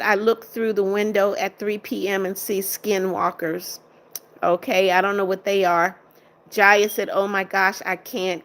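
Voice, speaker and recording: Easygoing woman reading her stream chat. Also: medium pitch. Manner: motherly, answers viewers by name with easy reassurance; unhurried, with frequent "okay" and "um". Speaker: livestream host. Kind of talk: casual livestream chat, reading comments aloud.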